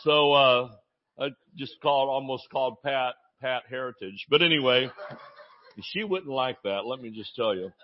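An older male pastor from Georgia telling a folksy story in a sermon, with plenty of fillers and restarts. His pitch sits in a middling range, and the recording is slightly dull. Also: normal speed, slight background noise. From Georgia, USA. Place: church service.

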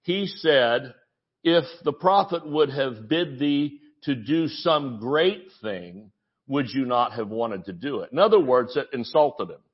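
Man preaching with animated storytelling. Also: medium pitch, unhurried, husky, muffled recording. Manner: animated storytelling, mimics voices in quotes. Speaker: pastor. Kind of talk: sermon.

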